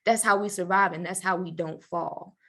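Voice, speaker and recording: Low-pitched woman on a video call, talking all fired up and rambly. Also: fairly even intonation, normal speed, vocal fry, pushed and bright. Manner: fervent, rambling with many fillers. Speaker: panelist. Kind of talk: impassioned casual talk.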